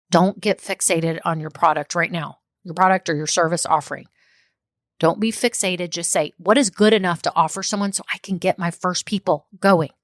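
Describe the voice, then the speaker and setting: A woman talks on her solo podcast as a small business coach. She is chatty and upbeat and laughs often. Her voice sits at a middling pitch in a dry, close-miked recording. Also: no room sound.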